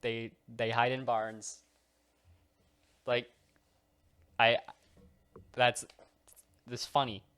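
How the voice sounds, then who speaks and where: Smooth-voiced man rambling through jokes. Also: medium pitch, flat delivery, drawn-out words, pauses often, fairly bright tone, no echo. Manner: rambling and jokey, with lots of restarts and casual swearing; acts out little scenes in quoted voices. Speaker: video creator and streamer. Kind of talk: casual comedic countdown commentary.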